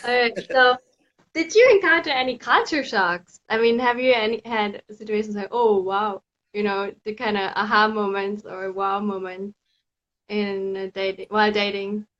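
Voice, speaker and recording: A woman's voice: medium pitch, steady tone, normal speed, fairly bright tone. A woman hosting a live stream, chatting casually and reading viewer comments aloud. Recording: slightly dull audio.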